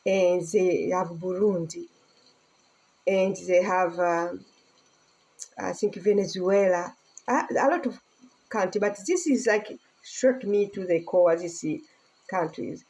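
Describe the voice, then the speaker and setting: A woman's voice: lowish voice, takes it slowly, long pauses, a little mellow, rough recording. A woman vlogger in a casual chat, talking in rambling, emotional broken English and laughing often.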